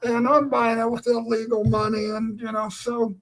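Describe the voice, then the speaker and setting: A man's voice: extremely high pitch, completely flat delivery, moderate pace, rough recording. A man giving an earnest personal testimony, telling his story in a meandering way with lots of filler phrases. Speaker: Christian speaker.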